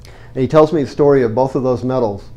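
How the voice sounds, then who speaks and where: A man's voice: medium pitch, quick pace, a little mellow. A middle-aged man with a cold, telling a story to a live audience in an earnest, conversational way. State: has a cold. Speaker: real estate investor giving a talk.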